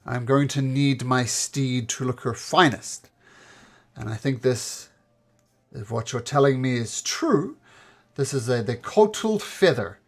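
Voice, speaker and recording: Man doing a formal nobleman, measured, unhurried, businesslike. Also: medium pitch. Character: pompous male nobleman, businesslike.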